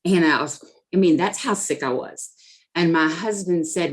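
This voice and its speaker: A woman's voice: sits low, normal speed. A middle-aged woman telling her personal recovery story as a podcast guest, earnest and emotional, with many fillers.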